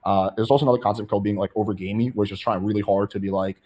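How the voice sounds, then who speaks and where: A man's voice: fairly low pitch, steady tone, very fast, darkish tone. A man from Russia coaching a speed date, explaining concepts casually with many fillers. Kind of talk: casual dating advice.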